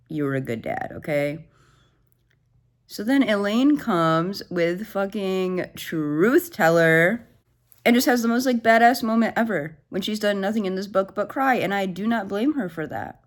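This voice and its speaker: A woman in her twenties, a book vlogger, gives casual and excitable reading updates in a mid-range voice at an unhurried pace. She swears freely and gushes about the story.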